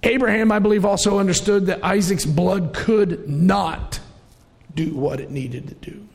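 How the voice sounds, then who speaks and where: A middle-aged man preaching with feeling, his voice pitched high and rough with fry. He tells the story dramatically and at times pushes up to a shout. The sound rings out in a long hall reverb. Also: unhurried. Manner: storytelling, emotional, rising to shouts. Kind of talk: sermon.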